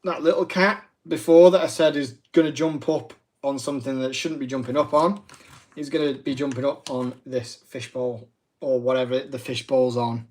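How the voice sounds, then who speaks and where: A man's voice: medium pitch, steady tone, normal speed, a little mellow. A man, hosting a casual live craft demo, chatty and self-deprecating with rambling asides. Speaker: craft livestream host.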